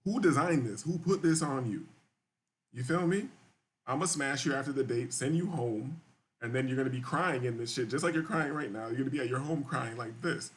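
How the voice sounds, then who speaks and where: A man streaming a reaction to a dating clip, mocking it loudly in crude, profane commentary. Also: mid-range voice, brisk. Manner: loud, mocking, profane, mimics voices.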